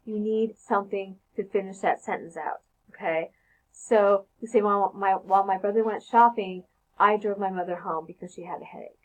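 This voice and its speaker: A woman's voice: mid-range voice, fairly even intonation, moderate pace, low-quality recording. A woman teaching a casual grammar lesson, talking conversationally and often checking in with "okay?".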